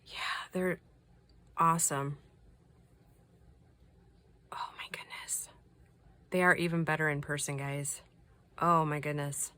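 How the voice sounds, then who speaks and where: Her voice is low-pitched, with fairly even intonation and a moderate pace. In a casual chat, this woman presents crafty mail from her subscribers, gushing softly over every item and now and then slipping into a whisper.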